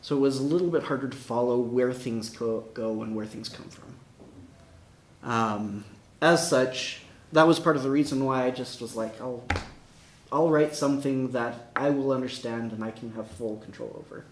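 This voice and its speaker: A man presenting his own project at a tech meetup, relaxed and upbeat, laughing easily between answers. His voice carries a roomy echo, with a light layer of noise behind it. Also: medium pitch, normal speed. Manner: laughing, upbeat, talks in bursts. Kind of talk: casual tech talk. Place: meetup room. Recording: echoey room with faint noise.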